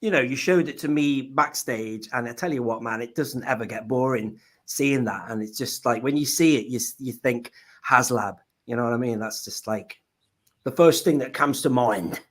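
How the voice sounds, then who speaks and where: A man's voice: mid-range voice, moderate pace, a bit bright. A man hosting a casual live stream chat, joking and laughing often. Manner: chatty, jokey, laughs often. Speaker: host of a live stream show. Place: at home.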